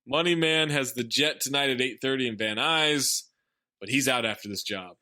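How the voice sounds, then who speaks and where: A man co-hosting a podcast, briskly recapping a film's plot with wry asides. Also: mid-range voice, pushed and bright. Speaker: podcast co-host recapping the film. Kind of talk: casual chat, rapid plot recap.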